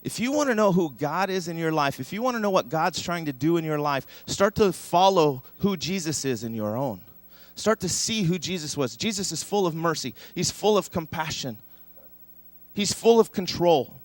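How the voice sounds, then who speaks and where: Emphatic male pastor preaching, higher voice. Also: lively intonation, moderate pace, dry recording. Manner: emphatic, leads congregation in call-and-response. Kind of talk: sermon. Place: church sanctuary.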